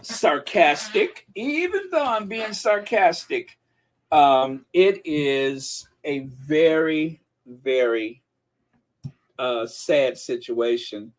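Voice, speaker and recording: A man hosting a live stream, greeting viewers and chatting casually with plenty of pauses and filler words. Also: fairly high pitch, lively intonation. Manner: unhurried, chatty, many um and uh fillers.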